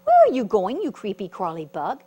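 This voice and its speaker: Woman doing a loud, curious grasshopper. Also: mid-range voice, wildly swooping pitch, a little fast, slightly rough.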